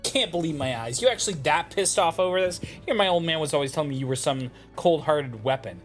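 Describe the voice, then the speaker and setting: A man's voice: on the high side, animated, quick pace, faint music behind, lightly acted. A man voicing a cocky, foul-mouthed young church executor in a game, talking with swagger. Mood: contemptuous. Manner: swaggering, crude.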